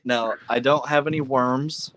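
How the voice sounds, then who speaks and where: A man's voice: medium pitch, steady tone, a little slow, a bit bright, slight background noise. A man in his twenties hosting his birthday live stream, chatting casually, swearing freely and laughing often. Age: 20s. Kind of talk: casual chat.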